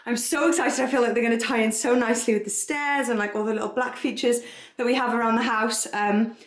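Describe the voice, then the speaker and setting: Young woman vlogger, bubbly and giggly, brightish voice, echoey home rooms. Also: a little high, fairly even intonation, fast. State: pregnant, out of breath at times. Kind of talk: casual vlog chat. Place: home, walking between rooms.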